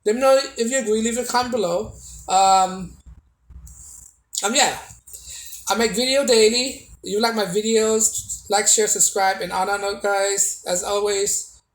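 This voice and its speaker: A man's voice: high voice, fairly even intonation, measured pace, roomy sound, poor audio. A man giving a casual opinion monologue to camera as a video blogger, preachy and repetitive, with many restarts and tag questions.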